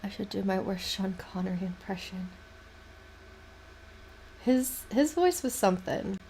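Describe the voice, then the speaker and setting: A young woman with a Southern US accent, chatting casually on a livestream in a halting, rambling way with many restarts. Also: mid-range voice, expressive, warm tone, slight background noise. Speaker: livestream host. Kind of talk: casual chat while painting on stream.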